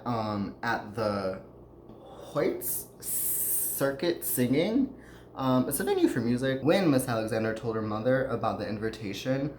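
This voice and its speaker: A history podcast host telling a story in a casual, chatty way, full of fillers, restarts and giggles. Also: medium pitch. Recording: roomy echo, faint noise.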